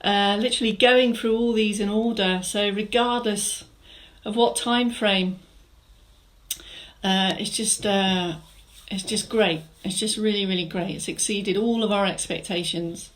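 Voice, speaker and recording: A woman's voice: medium pitch, steady tone, measured pace, low-quality recording. A middle-aged woman from England leading a live online exercise class, chatting through viewer comments and giving encouraging cues. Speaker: fitness instructor.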